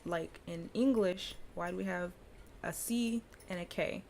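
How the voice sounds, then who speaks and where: A woman's voice: lowish voice, a little slow, a little mellow, slight background noise. A woman giving a casual pronunciation lesson, chatty and loose, often breaking into laughter as she explains. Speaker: language teacher.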